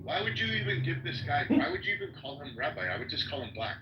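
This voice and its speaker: A combative man keeps challenging and mocking his opponent in an online argument. His voice is somewhat high and swings widely in pitch. He sounds far from the mic, in a roomy space with noticeable noise. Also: very animated, fast, lo-fi sound. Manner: challenging, mocking, calls the other out. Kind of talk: heated online debate. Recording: echoey, distant, noisy room.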